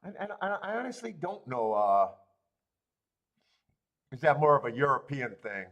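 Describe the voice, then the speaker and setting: A man's voice: medium pitch, big pitch swings, measured pace, fairly bright tone. A young man with a stuffy cold hosting a casual horse racing live stream, rambling and swearing often as he tells stories and talks handicapping. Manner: profane, rambling storytelling. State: congested from a cold. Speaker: horse racing show host.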